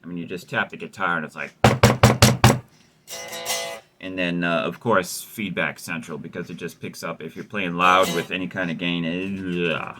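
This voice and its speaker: A man's voice: low-pitched, fairly even intonation, moderate pace. A man hosting a guitar repair video, chatting casually with a rambling, wry, self-mocking manner and lots of fillers. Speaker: host of a guitar repair channel. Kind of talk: casual chat while working on a guitar.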